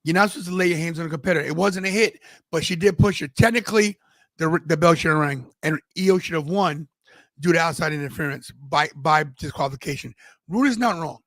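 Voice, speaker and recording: A man co-hosting a wrestling podcast, chiming in with quick remarks and explaining the rules in casual chat. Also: fairly high pitch, a bit bright, no echo. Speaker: podcast co-host.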